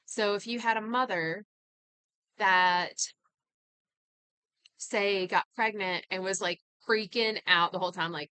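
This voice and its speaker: A woman's voice: mid-range voice, unhurried, sharp tone, smooth, dry recording. A woman giving an earnest, casual talk on healing and inherited patterns, full of conversational asides.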